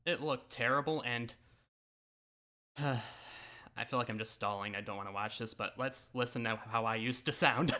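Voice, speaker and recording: A man's voice: medium pitch, sharp tone. A man YouTuber reacting to his own old videos in casual, self-mocking commentary, laughing often and swearing.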